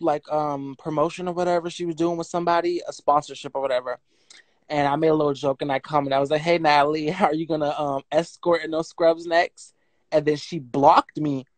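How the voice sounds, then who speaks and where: A woman, telling her story on a phone livestream in a blunt, profane, animated way and reading out text messages. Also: low-pitched, no room sound.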